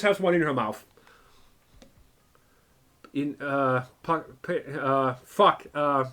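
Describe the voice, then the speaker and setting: Excitable young man cursing at a game. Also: on the high side, slow pace, long pauses. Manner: excitable, swears often, says "bro". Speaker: gaming video creator. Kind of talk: casual reactive game commentary.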